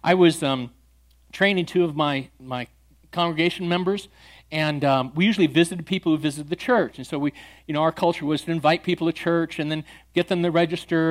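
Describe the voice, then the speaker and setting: Brief: a male pastor with a fairly high voice, telling a teaching story and playing out the conversation. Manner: animated storyteller who acts out dialogue. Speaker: pastor training church members in evangelism.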